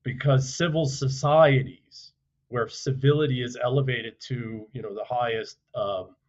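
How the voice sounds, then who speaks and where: A man's voice: mid-range voice, fairly even intonation, measured pace. Guy on a podcast, blunt and sweary, keeps asking "right?", kinda muffled audio. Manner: blunt, profane, emphatic with rhetorical questions. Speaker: podcast guest, author and former soldier. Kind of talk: forceful conversational storytelling.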